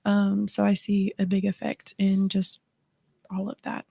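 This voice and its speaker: A woman counselor on a radio talk show, explaining in a measured way with frequent fillers. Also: mid-range voice, monotone, vocal fry, dark tone, husky, no echo. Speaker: guest counselor.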